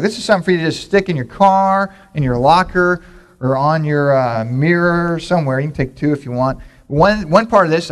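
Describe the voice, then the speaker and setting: A middle-aged man preaching a sermon, telling homey stories in a relaxed, conversational way. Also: medium pitch. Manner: conversational, folksy storytelling with props. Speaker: pastor.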